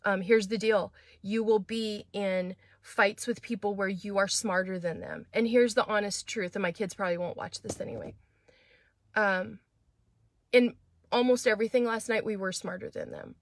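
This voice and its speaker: A middle-aged woman pastor teaching through a Bible chapter in a chatty, animated way. She acts out quoted voices and talks with fillers and restarts. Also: mid-range voice, moderate pace, dry recording.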